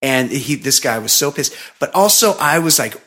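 A man's voice: mid-range voice, moderate pace. A man in his forties, a podcast host, telling a story in casual chat with lots of swearing. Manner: profane, animated storytelling.

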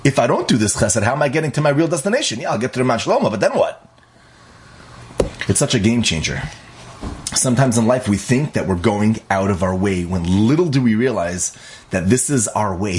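A young man casually telling a personal story, animated, acting out the dialogue and laughing often. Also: fairly low pitch.

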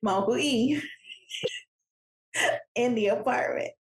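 A woman's voice: on the high side, slow pace, slight background noise. A woman co-hosting a podcast, chiming in with frequent laughter and telling family stories. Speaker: podcast co-host. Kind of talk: casual storytelling chat. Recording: roomy echo.

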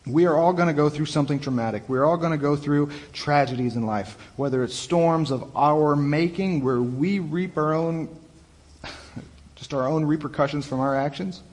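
Youth pastor preaching in a reverberant hall. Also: male voice, on the high side, normal speed. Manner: conversational, animated retelling with restarts. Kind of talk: sermon. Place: church hall.

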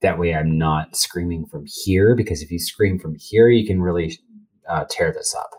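A man's voice: deep voice, moderate pace, a little mellow, breathy edge. A young man, a voice actor, talking loosely in a casual interview and laughing between thoughts. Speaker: voice actor guest.

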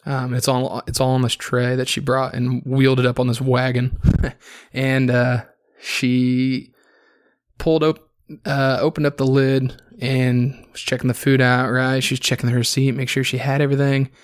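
A man's voice: medium pitch, flat delivery, normal speed, clear, resonant tone. A man hosting a podcast, rambling through a crude personal story in a casual monologue full of swearing. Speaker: podcast host.

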